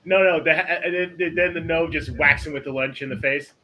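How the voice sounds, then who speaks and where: A man describes his character's actions in a tabletop game, rambling with many fillers. His voice is bright and sharp, and fairly high. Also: fairly even intonation, normal speed, slight background noise, rough recording. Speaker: player. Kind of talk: casual chat in a tabletop game.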